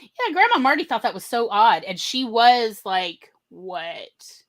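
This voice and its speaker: A woman's voice: a little high, big pitch swings, measured pace. A woman co-hosting a casual podcast chat, telling family stories and acting out the voices of relatives she quotes. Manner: storytelling, acts out quoted relatives in shifting voices. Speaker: podcast co-host.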